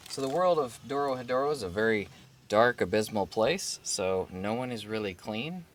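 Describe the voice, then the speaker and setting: Rambling low-voiced man unboxing a figure. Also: moderate pace. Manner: relaxed, rambling, frequent fillers and self-corrections. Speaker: vlog host unboxing a collectible figure. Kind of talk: casual unboxing commentary. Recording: steady background noise.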